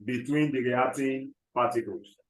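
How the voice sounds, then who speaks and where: Male chemistry teacher, mid-pitched, patient dictation style, roomy classroom sound. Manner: repeats key phrases slowly, checks understanding often.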